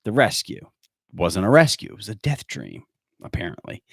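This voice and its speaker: A man's voice: lowish voice, huge pitch swings, moderate pace, gravelly, slightly rough, no room sound, studio quality. A man hosting a podcast, ranting in a sarcastic, profane, rambling way. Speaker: podcast host. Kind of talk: casual comedic rant.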